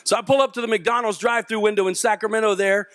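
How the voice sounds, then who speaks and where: A man's voice: sits high, fast talker, no room sound, clean studio sound. A middle-aged man giving a comedic motivational speech to teenagers, telling stories and acting out the voices. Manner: animated storyteller, acts out voices and jokes. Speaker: motivational youth speaker. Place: large auditorium with a young audience.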